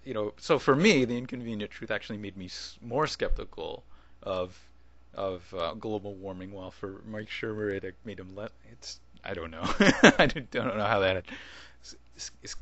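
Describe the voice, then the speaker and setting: A video blogger speaks in a lowish voice at a moderate pace, barely pausing, with the high frequencies cut off. He rambles through a casual video response, breaking off his sentences to chuckle.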